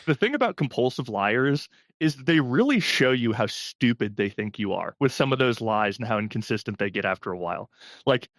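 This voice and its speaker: A man's voice: medium pitch, expressive, a little fast, dry recording, clean studio sound. Joking man co-hosting a podcast. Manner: joking, frequent laughter. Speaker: podcast co-host. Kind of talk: casual film discussion.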